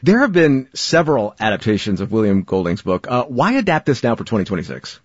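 A man's voice: lowish voice, big pitch swings, fairly quick, slightly rough, no echo. A middle-aged man interviews a guest, earnestly searching for his words as he asks questions. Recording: dull, dry, lo-fi sound.

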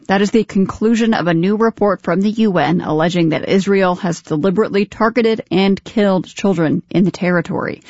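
A woman's voice: on the low side, a little mellow, dry recording, highs cut off. Composed woman radio news host. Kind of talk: news presenting and interviewing.

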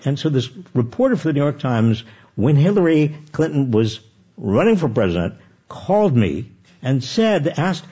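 Older man, lively husky storyteller. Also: mid-range voice, moderate pace, highs cut off. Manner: animated, self-deprecating anecdotes with frequent restarts. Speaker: guest author. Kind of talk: conversational storytelling.

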